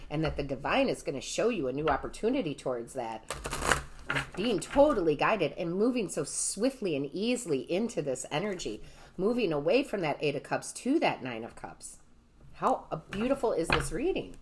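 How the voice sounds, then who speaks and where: A woman's voice: on the low side, slight background noise. A woman giving a casual tarot reading to her viewers. She gushes with enthusiasm and keeps asking "right?". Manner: gushing and enthusiastic, often asks "right?" and addresses viewers as "guys". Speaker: tarot reader and medium.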